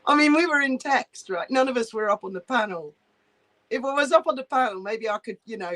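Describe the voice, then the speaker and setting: Woman swearing a lot, blunt and mocking, voice all over the place pitch-wise. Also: lively intonation, fairly quick, a bit bright, poor audio. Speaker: co-host. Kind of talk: casual chat.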